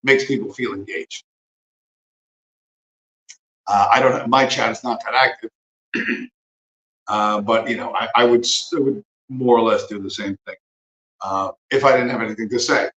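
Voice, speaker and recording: A man's voice: lowish voice, fairly even intonation, normal speed, long pauses, fairly bright tone, roomy sound, highs cut off. Profane rambling male livestream host. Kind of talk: casual rambling commentary.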